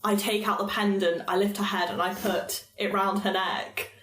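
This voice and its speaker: A woman's voice: mid-range voice, flat delivery, normal speed, a bit bright. A woman playing a tabletop role-playing game, describing her character's actions playfully. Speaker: player. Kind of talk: casual tabletop play. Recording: echoey room.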